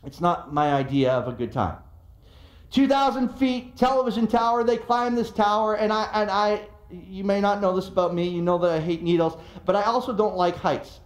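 High-voiced pastor preaching in an echoey room. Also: male voice, normal speed. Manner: animated, emphatic storytelling. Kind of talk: sermon.

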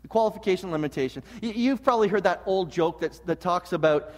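A man preaching a sermon as pastor, earnest and animated, with humorous asides and frequent restarts. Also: high-pitched, fast talker. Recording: long reverb of a large hall.

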